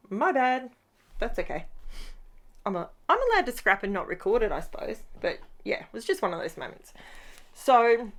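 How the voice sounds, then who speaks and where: Chatty woman crafting vlog. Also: mid-range voice. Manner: chatty, rambling, self-mocking. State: stuffy nose from hay fever. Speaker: scrapbooking channel host. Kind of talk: casual crafting voice-over chat.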